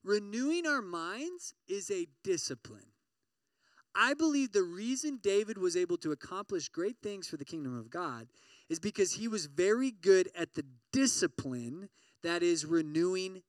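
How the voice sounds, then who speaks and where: A man preaching a conversational sermon to a campus ministry group, animated and often checking in with his listeners. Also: sits high, no echo, far from the mic. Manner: acts out everyday inner voices with sudden loud outbursts.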